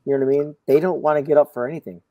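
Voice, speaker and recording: A middle-aged man on a video call, a comics show panelist, telling a long personal story in casual chat with lively quoting. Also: on the high side, racing, no echo, low-quality recording. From Florida, USA. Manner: storytelling, animated, quotes others.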